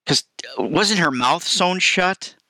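A man on a podcast casually recounting a movie scene in detail, lively and expressive. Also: sits high, slow, no echo. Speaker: podcast co-host.

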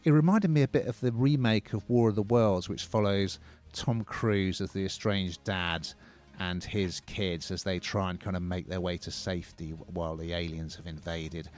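A man's voice: low-pitched, a little mellow. A man reviewing films in a casual chat, with frequent restarts and a conversational manner. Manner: chatty, hesitant restarts, conversational. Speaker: film reviewer.

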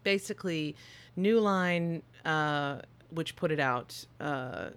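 A woman's voice: low-pitched, takes it slowly, a bit bright, clear, resonant tone. Podcast co-host, woman, chatty and loose, laughs and swears a lot. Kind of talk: casual chat.

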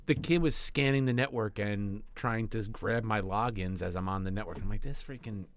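A man's voice: fairly low pitch, normal speed. A man co-hosting a casual podcast, telling stories animatedly, acting out quotes and laughing often. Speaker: podcast co-host and teacher. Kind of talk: casual storytelling.

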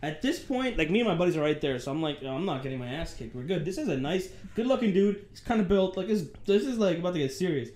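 Animated young man telling a story. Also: sits high, fast talker, hardly any pauses. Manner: animated, acts out dialogue, swears freely. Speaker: podcast co-host. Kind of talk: casual storytelling.

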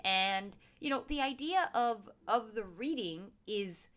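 A woman's voice: medium pitch, lively intonation, slow pace, a bit bright. A woman who works as a professional psychic, talking casually and earnestly, reassuring listeners with many fillers and restarts. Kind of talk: casual talk to camera.

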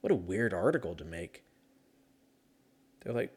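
A man's voice: sits low, big pitch swings, a little slow, slightly rough. A man talking casually on his own, rambling and joking with plenty of swearing. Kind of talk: casual solo chat.

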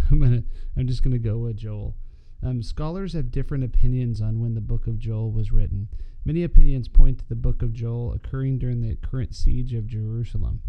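A man's voice: medium pitch, clear, resonant tone, muffled recording. A man hosting a podcast, talking loosely about a book of the Bible with many fillers, then reading scripture aloud. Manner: relaxed, with frequent ums and uhs. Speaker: podcast host.

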